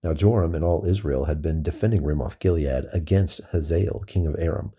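A man reading scripture aloud in a steady, measured way. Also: very deep voice, husky. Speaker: scripture reader.

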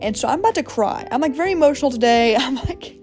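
A young woman talks very quickly in a slightly high voice, rambling through her story with plenty of fillers and acting out her own quotes. It is a casual solo podcast with faint music underneath. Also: lively intonation, a little mellow. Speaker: podcast host.

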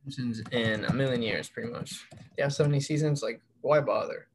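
A man's voice: mid-range voice, fairly quick, noisy background. A man co-hosting a casual podcast, rambling in a laid-back, slangy way. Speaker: podcast co-host. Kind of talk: casual chat.

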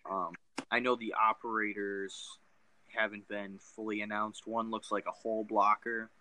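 A man in casual gaming chat, measured and hesitant with frequent ums. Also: lowish voice, flat delivery, sharp tone, a little hiss or hum, poor audio.

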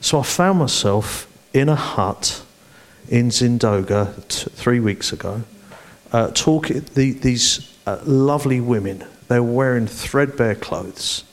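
A man's voice: medium pitch, takes it slowly. A man, a church leadership director, speaking animatedly and playfully in an onstage interview in front of a congregation.

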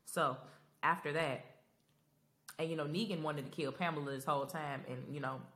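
A woman's voice: low-pitched, moderate pace. A woman hosting a podcast, talking casually and emotionally to her listeners in a Black while recapping a TV finale. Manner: expressive, emotional, rambling, talks to listeners directly. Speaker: podcast host.

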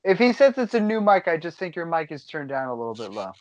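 A man's voice: on the high side, big pitch swings, dry recording, muffled recording. A man co-hosting a casual chat, joking and laughing often. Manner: jokey, laughs often, quick asides. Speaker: podcast co-host.

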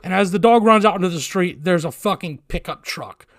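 A man with a high voice tells a story in a casual, heavily profane way, voicing everyone in it with animated energy. The sound is dry and close to the mic, with no room around it. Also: brisk, dry recording.

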